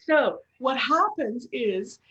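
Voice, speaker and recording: A woman's voice: a little high, lively intonation, slow pace, fairly bright tone, muffled recording. A middle-aged woman voice coach who talks casually and expressively, demonstrating sounds and encouraging the listeners. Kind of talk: casual chat with vocal demos.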